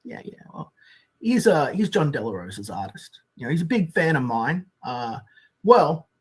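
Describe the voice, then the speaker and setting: High, husky man rambling with a lively pitch. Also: normal speed. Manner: rambling, hesitant, many fillers. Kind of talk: casual talk on a stream.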